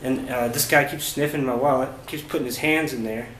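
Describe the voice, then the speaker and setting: Picture a travel vlogger in a reverberant space, casually telling his own travel tale in a mid-range voice. His delivery is loose and halting, with frequent fillers and restarts, over a faint hum of room noise.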